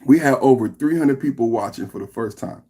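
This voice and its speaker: A man's voice: medium pitch, brisk. A man hosting a live-stream reaction podcast, chatting loosely and teasing in a mocking, profane way. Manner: loud, mocking, profane banter. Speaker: podcast host.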